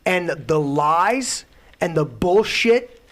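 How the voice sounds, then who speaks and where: A man hosts his own show and rants with heavy swearing and indignation. His voice sits slightly high for a man, and he pushes hard on his angry points. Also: expressive, drawn-out words, a bit bright. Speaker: host. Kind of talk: profane political rant.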